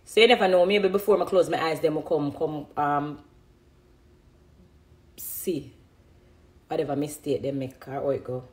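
A woman's voice: low voice, steady tone, normal speed, pauses often. A woman in her thirties with a Jamaican accent, chatting on a phone live stream, reading comments and laughing often. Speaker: dancehall artist on a live stream. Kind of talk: casual live-stream chat.

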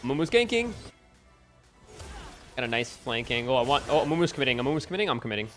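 A man giving live gameplay commentary as a streamer at home, excitable and bursting into yells and laughs. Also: medium pitch, fast talker, faint music behind. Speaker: gaming streamer. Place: home room with window open.

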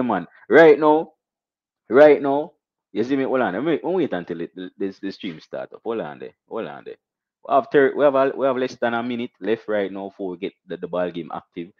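A young Jamaican man hosting a casual live stream, shouting out viewers and reading donations with animated, repetitive catchphrases. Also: on the low side, dry recording, muffled recording.

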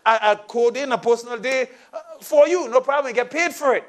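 Male pastor, middle-aged, high voice; storytelling sermon delivery with quiet asides and sudden emphatic peaks. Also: a little fast. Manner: storytelling, shifts between soft asides and raised emphatic lines.

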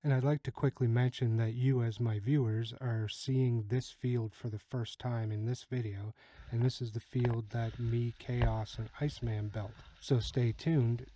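A man hosting his own channel, giving calm instructional voice-over commentary on game footage and chuckling now and then. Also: medium pitch, a little slow, no room sound, low-quality recording. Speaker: channel host.

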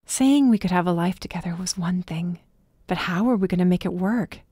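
A woman's voice: lowish voice, a little fast, dark tone, breathy edge, no room sound, studio quality. Woman reading a first-person audiobook. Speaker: audiobook narrator.

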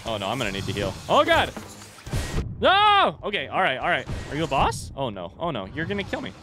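Excitable host doing gameplay commentary, fairly high, very animated voice, game music underneath. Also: male voice, brisk. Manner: excitable, swearing, exclamatory. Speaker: gaming channel host.

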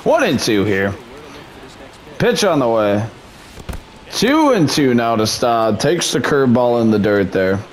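A man's voice: mid-range voice, big pitch swings, unhurried, long pauses. Man calling his own game play-by-play. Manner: mock broadcaster calls mixed with muttered frustration. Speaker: gaming YouTuber. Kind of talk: play-by-play commentary while gaming.

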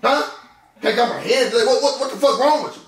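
High-voiced, fast-talking angry man. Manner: loud, profane, repeats himself. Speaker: husband in a prank vlog. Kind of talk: angry ranting argument. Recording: echoey room, mic from a distance.

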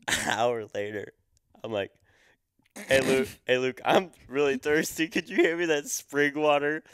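A man's voice: on the high side, a little slow, clean tone, dry recording, studio quality. A young man co-hosting a podcast, telling a road-trip story in casual chat, laughing often and acting out what was said. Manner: laughing often, acts out quotes with a yelling voice. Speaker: podcast co-host.

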